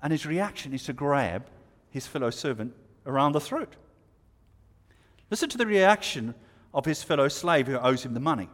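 A man's voice: medium pitch, expressive, fairly bright tone. Man preaching in an echoing hall. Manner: expository, rhetorical questions, pauses. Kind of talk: sermon. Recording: long reverb of a hall.

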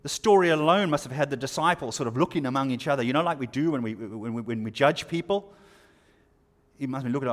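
A man preaching a sermon, explaining scripture verse by verse and asking the listeners rhetorical questions. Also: medium pitch. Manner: expository, rhetorical questions, pauses. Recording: long reverb of a hall.

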